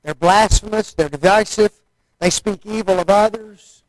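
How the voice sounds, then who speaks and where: Male preacher with a high-pitched voice, chatty and folksy, asks the congregation rhetorical questions, dry close sound. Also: normal speed, no echo, low-quality recording. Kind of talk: sermon.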